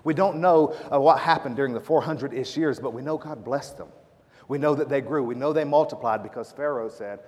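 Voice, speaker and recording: Male pastor, sermon delivery, loud emphasis to hushed prayer, long church-hall reverb. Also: medium pitch, fairly quick. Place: church sanctuary.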